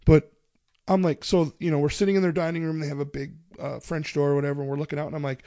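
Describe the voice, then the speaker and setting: Swearing storyteller dad, dry close mic. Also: male voice, fairly high pitch, little pitch movement, fast, dark tone, no room sound. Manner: profane, storytelling, laughing often. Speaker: podcast host. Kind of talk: casual chat.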